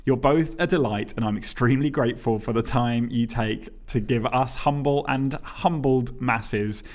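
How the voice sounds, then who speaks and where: Chatty, laughing male podcast co-host. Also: moderate pace. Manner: chatty and laughing, reads emails aloud with lively pitch jumps. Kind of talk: casual chat, reading listener emails.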